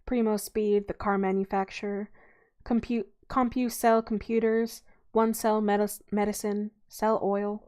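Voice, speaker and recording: A woman's voice: medium pitch, little pitch movement, a little slow, darkish tone, clear, resonant tone. Young woman reading a novel aloud, casual, stumbles and corrects herself often. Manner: informal reading with frequent stumbles and self-corrections.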